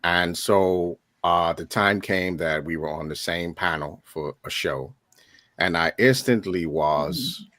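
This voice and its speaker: A man giving a heartfelt spoken tribute on a video call, earnest and halting, with many pauses and fillers. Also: low voice, bright, forceful tone, dry recording. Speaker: tribute speaker.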